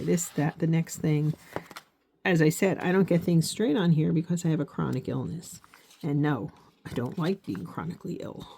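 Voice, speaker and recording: A woman's voice: sits low, gravelly, dark tone, slight background noise. A woman vlogging as she sets up her journal, talking earnestly and encouragingly straight to her viewers, often checking in with them. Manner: reflective, with frequent "okay?" check-ins. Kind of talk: casual heartfelt talk while crafting.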